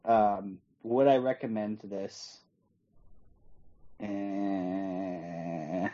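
A man's voice: medium pitch, animated, darkish tone, muffled recording. A man chatting as co-host of a movie review podcast, hesitant and restarting his sentences. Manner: slow, hesitant, full of restarts. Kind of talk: casual movie review chat.

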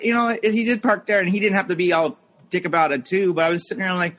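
High, bright-voiced rambling man. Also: quick pace. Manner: rambling, lots of fillers, mimics people in anecdotes. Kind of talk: casual podcast chat.

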